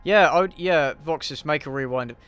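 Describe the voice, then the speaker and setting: A man's voice: a little high, normal speed, fairly bright tone, clear, resonant tone, faint music behind. A man hosting a casual livestream Q&A while he plays a game, answering chat in an offhand, sweary way and muttering to himself mid-game. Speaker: YouTube host.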